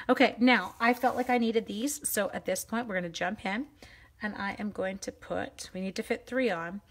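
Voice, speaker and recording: A woman's voice: medium pitch, fairly bright tone. A woman in her forties chats through a live card-making demo at home, her voice sitting in an ordinary middle register. She rambles, teases herself and breaks off to greet viewers as she works. A faint hiss of noise sits under the voice. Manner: rambling and self-deprecating, greets viewers mid-task. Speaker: stamping demonstrator hosting a live craft stream. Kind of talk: chatty live craft tutorial.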